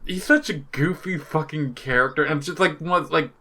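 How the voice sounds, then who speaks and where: A man's voice: a little high, normal speed, bright, forceful tone. A man co-hosting a podcast in casual chat, rambling with lots of "like" fillers, swearing and laughing often. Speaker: podcast co-host.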